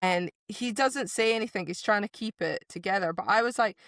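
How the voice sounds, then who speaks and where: A woman's voice: mid-range voice, animated, moderate pace, few pauses, fairly bright tone, dry recording. A woman co-hosting a podcast in casual book discussion, animatedly acting out characters' lines and swearing casually. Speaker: podcast co-host.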